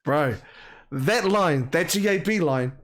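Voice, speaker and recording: A man hosting a podcast, talking in an energetic, slangy casual chat. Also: a little high, slow. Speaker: podcast host.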